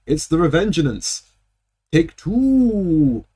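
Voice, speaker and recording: A man's voice: a little high, big pitch swings, extremely slow, mellow, exaggerated voice. A man voicing a gloating male dragon who has returned from the dead, speaking in a mocking, taunting way.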